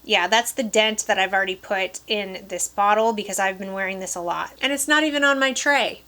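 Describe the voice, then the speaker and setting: A woman's voice: mid-range voice, fairly quick, sharp tone. A woman from Michigan's Upper Peninsula with a light Yooper accent, chatting casually to camera about perfumes she has been wearing. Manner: chatty, enthusiastic, addresses viewers directly. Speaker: perfume vlogger. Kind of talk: casual product review to camera.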